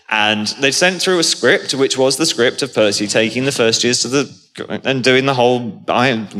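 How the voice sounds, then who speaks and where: Bright-voiced man telling stories on stage. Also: lowish voice. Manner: animated storyteller, laughing often. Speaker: actor guest. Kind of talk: live stage interview. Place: stage at a convention hall. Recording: live hall reverb.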